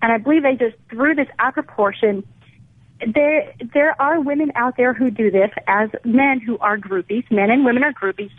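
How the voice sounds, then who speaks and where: A woman's voice: a little high, moderate pace, no echo. A woman calling in to a radio talk show, hesitant at first and earnest in her views. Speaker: caller. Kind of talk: call-in radio conversation. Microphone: telephone. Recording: tinny phone line.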